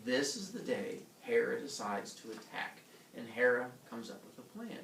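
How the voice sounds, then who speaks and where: A man telling a myth as a comic story, playful and animated, with his own sound effects. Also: medium pitch, normal speed, vocal fry, roomy sound, recorded from a distance, slight background noise, poor audio.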